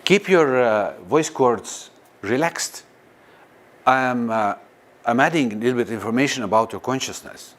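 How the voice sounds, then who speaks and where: A man teaching a guided meditation in non-native, halting English, often pausing to question a live audience. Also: medium pitch. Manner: slow and lively, questions the audience. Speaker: spiritual teacher.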